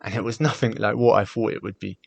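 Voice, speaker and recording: A man's voice: fairly low pitch, fast talker, vocal fry, breathy edge, no echo. A man, a podcast guest telling his story candidly in casual talk and acting out the voices he quotes. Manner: candid, animated when recounting, acts out quoted voices.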